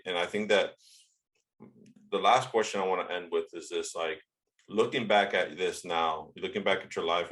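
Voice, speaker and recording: A man's voice: sits low, a bit bright. A man hosting a podcast, asking earnest, reflective questions while thinking aloud. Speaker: podcast host. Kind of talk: interview questions.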